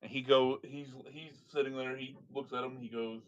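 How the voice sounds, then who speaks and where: A man's voice: medium pitch, steady tone, normal speed, highs cut off. Man narrating as game master. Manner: restless, full of restarts.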